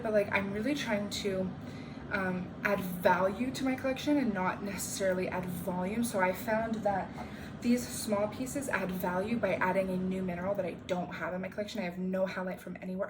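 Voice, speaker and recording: A woman's voice: medium pitch, noisy background. Chatty, bubbly young woman vlogger. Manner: bubbly and chatty, lots of fillers. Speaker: crystal unboxing vlogger. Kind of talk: casual chat. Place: room at home.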